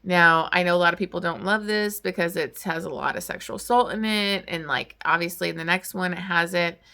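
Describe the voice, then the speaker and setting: A young woman reviews a book in loose, casual chat, peppering her talk with "like" and "um". Her voice sits fairly low yet sounds bright and forward, with a gravelly fry running through it. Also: fairly quick. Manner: chatty, full of "like" and "um" fillers. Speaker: book vlogger.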